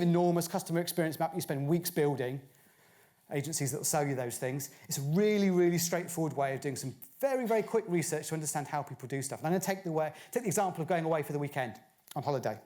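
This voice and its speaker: A Bristol man with a fairly high, darkish voice delivers a chatty talk on a conference stage. He keeps firing rhetorical questions at the live audience.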